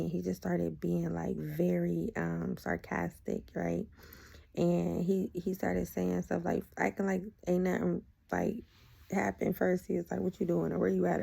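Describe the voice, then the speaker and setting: A woman's voice: lowish voice, vocal fry, breathy edge. A young adult woman, casually retelling a personal story and acting out what was said. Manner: animated retelling, acting out her own quoted lines. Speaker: video host sharing her testimony.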